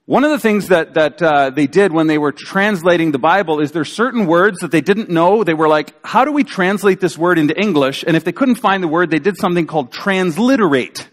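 A man preaching a sermon as a pastor, in a conversational, animated storytelling way with acted-out quotes. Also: a little high, a little fast, few pauses. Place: church sanctuary. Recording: church hall reverb.

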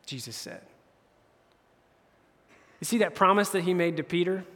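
A man's voice: high voice, lively intonation, normal speed, fairly bright tone. A man preaching as a campus pastor, retelling scripture in casual slang and briefly voicing the characters. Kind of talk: casual conversational sermon. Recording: hall reverb.

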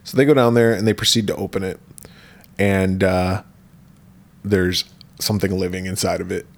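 A man's voice: deep voice, normal speed, vocal fry. A man co-hosting a podcast, casually retelling a horror film's plot and swearing freely. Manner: relaxed, swears freely, retells plots with quoted voices. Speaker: podcast co-host. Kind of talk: casual film discussion.

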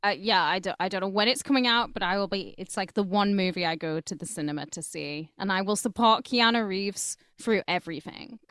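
A woman's voice: medium pitch, fairly quick, hardly any pauses, fairly bright tone, dry recording. Woman with dry, sardonic interjections. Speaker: podcast co-host. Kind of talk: casual chat.

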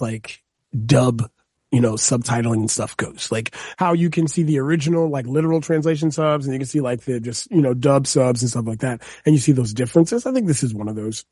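A man co-hosting a casual podcast chat, enthusiastic and animated, with lots of "like.". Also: a little high, breathy edge, no echo, clean studio sound. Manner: enthusiastic and animated, says "like" a lot. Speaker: podcast co-host.

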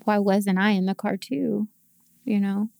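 Earnest woman with a gravelly edge. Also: mid-range voice, fairly even intonation, a little slow, darkish tone, dry recording. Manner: earnest, emotional storytelling. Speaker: podcast guest. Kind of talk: faith testimony in casual chat.

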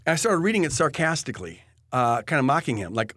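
A man telling a personal faith story in an earnest, halting way, often restarting his sentences. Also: on the high side, sing-song, fairly bright tone, no echo, clean studio sound. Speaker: guest telling his testimony.

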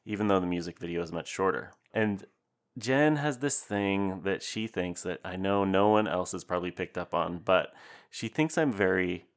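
Young guy podcast cohost, super deep voice, jokey and rambly. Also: animated, normal speed. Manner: joking, rambling, self-deprecating. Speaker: podcast co-host. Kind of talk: casual podcast chat.

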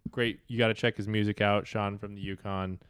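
A man co-hosting a podcast in casual chat, upbeat and quick to laugh. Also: on the low side, little pitch movement, a bit bright, smooth, no echo, clean studio sound. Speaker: podcast co-host.

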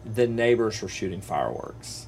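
Animated man telling a story. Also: normal speed, a little hiss or hum. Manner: animated, acts out quoted voices in a higher pitch. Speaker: podcast host and real estate agent. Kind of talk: casual storytelling chat.

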